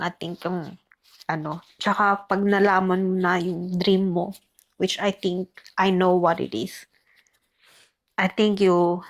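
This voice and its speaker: A woman with a Filipino accent, speaking gently to her younger brother in heartfelt family talk. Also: lowish voice. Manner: gentle, mixes English and Tagalog. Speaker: older sister, guest.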